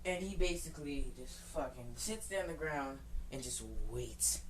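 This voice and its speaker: A woman with a notably deep voice tells an improvised fan story off the cuff. She rambles and restarts, swears freely, and bristles defiantly at anyone who dislikes her version. A faint hum sits under her voice. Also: normal speed, low-quality recording. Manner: rambling, profane, frequent restarts; defiant outbursts at critics.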